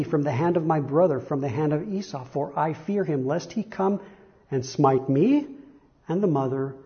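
A man's voice: on the high side, expressive, moderate pace, highs cut off. A man preaching a sermon, reading Bible verses aloud with rising emphasis and frequent self-correcting repetitions.

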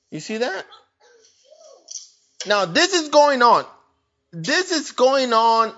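Animated, drawn-out man preaching informally. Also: high-pitched. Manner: animated, repeats phrases for emphasis. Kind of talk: informal sermon. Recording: muffled lo-fi recording.

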